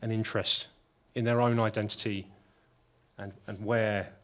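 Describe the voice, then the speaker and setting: A man with a slightly low voice gives his view on a debate panel. He picks his words carefully and hedges his claims in a measured way. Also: flat delivery. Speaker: panel speaker.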